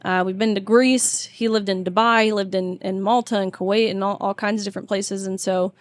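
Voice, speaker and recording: A woman's voice: medium pitch, fairly even intonation, a little fast, no echo. A young woman in her twenties, a guest in a casual interview, speaking in a chatty, emphatic way. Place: tour bus.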